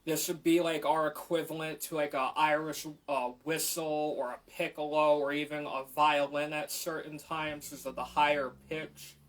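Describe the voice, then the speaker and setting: A man who plays the flute, explaining his instruments to a live audience at a community library in an unhurried way with frequent fillers. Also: on the high side, level tone. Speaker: flute player. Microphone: camera mic in the room.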